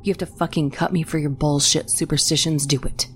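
A woman voicing an angry, hurt young man who argues with his sister, talking slowly and tensely. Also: sits low, steady tone, a little hiss or hum, close to an everyday voice.

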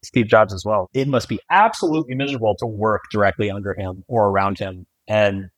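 A man's voice: on the low side, brisk, no room sound, rough recording. A man in his forties, a guest author talking candidly and reflectively in a casual podcast chat, often laughing. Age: 40s.

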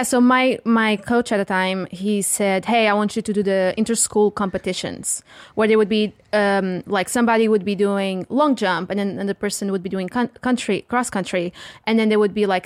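A woman's voice: mid-range voice, normal speed, no echo. A woman from Portugal, a guest in a casual chat, who stutters at times.

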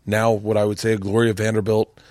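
A man's voice: fairly low pitch, flat delivery, a little fast, a little mellow, dry recording. Profane man telling a story, dry sound. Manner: profane, storytelling with quoted voices. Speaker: podcast host. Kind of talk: casual chat.

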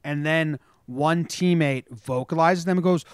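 A young man co-hosting a podcast in casual sports chat, talking in an animated, storytelling way and swearing freely. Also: a little high, moderate pace, hardly any pauses, smooth, no room sound, studio quality. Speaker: podcast co-host.

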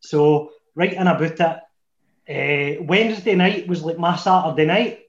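A Scottish man in his thirties with a Glasgow accent, telling a long, sweary personal story to friends in a casual chat. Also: unhurried. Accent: Scottish, Glaswegian. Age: 30s. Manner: chatty, swearing, dropping to a low mutter for his inner thoughts. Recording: echoey room, muffled sound.

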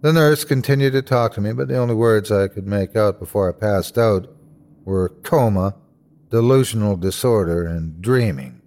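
A man's voice: normal speed, a little mellow. A man narrating a scary story in a scripted, dramatic way. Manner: dramatic, swings high for cries. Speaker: host and narrator.

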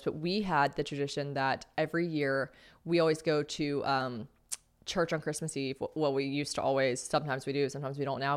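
A young woman hosting a casual solo podcast, her voice sitting low for a woman. She talks fast, chatty and jokey, with casual swearing and bright ad reads. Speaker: podcast host.

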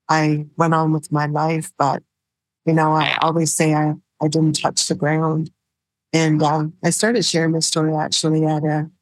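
A middle-aged woman telling her personal story in an interview, soft-spoken and halting, with many fillers. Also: low-pitched, dry recording, rough recording. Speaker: guest, survivor sharing her story.

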